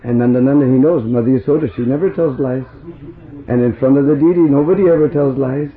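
A man's voice: medium pitch, quick pace. Man telling stories to a crowd, tinny. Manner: lively storyteller, chuckles between lines. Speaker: spiritual speaker. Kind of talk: storytelling talk to a seated audience. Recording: roomy, tinny phone-like audience recording.

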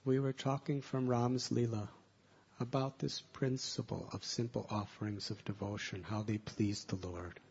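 A man telling devotional stories as a spiritual teacher, soft-spoken, with slow, drawn-out phrasing. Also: lowish voice, level tone, gravelly, breathy edge, highs cut off. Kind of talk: devotional storytelling talk.

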